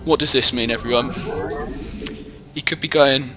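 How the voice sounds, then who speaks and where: A man's voice: mid-range voice, fairly even intonation, normal speed, over music. A young British man in his teens giving jokey, rambling live commentary on a strategy game into a headset mic. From Britain. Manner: jokey, rambling, self-mocking. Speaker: gameplay commentator. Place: indoors at home, away from the usual recording spot.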